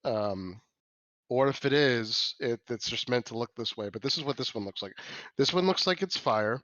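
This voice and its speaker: A man's voice: medium pitch, expressive, normal speed, fairly bright tone, no room sound, lo-fi sound. Rambling male game master. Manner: rambling, self-correcting descriptions. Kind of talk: narrating a tabletop game.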